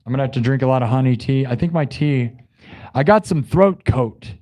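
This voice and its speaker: A hoarse young man streaming live after hours of yelling. He gushes thanks to his viewers in a casual, effusive ramble. He jumps between loud hype and quiet asides. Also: medium pitch, a little fast. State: sore throat from yelling.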